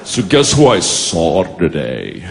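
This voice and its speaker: A man voicing a slack-jawed young dude who mumbles his words in a low, lazy slur. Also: wildly swooping pitch, takes it slowly, creaky, exaggerated voice. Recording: live club recording, crowd laughter.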